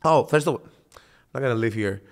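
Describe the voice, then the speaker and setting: Gravelly-voiced male podcast host. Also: medium pitch, a little fast. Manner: animated, stammering restarts. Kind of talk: casual podcast chat.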